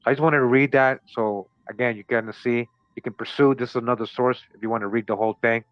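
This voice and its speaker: A man with a medium-pitched, steady voice hosts a show, speaking fast as he reads passages aloud and breaks in with commentary. He often repeats words and checks in with listeners, on a dry, dull lo-fi recording.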